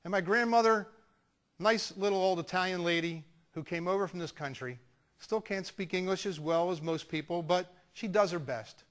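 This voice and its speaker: A man telling a personal story as a sales trainer, animated and acting out the dialogue. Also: high-pitched, normal speed. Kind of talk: storytelling talk.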